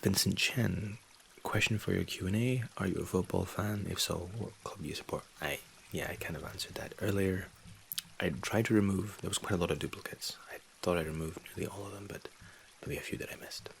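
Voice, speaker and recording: A man in his thirties, born in England and raised in Scotland, hosting a soft-spoken ASMR Q&A from a home setup on a condenser mic. He talks in a soft, low-key way and often drops into whispers. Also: brisk, gravelly, slight background noise. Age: 30s. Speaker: ASMR channel host. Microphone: USB condenser mic.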